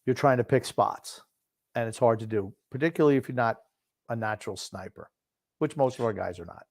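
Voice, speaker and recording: A man's voice: medium pitch, fairly quick, a little mellow, no echo, clean studio sound. An older man co-hosting a podcast, chatting casually about hockey in a blunt, grumbling way. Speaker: podcast co-host. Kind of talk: casual sports chat.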